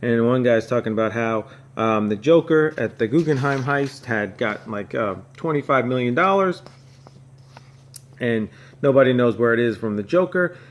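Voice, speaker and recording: A man's voice: medium pitch, normal speed. A man from North Carolina hosting a comic podcast, reviewing an old issue in a rambling, casual way with lots of fillers. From North Carolina, USA. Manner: rambling, filler-heavy, chuckling asides. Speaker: podcast host.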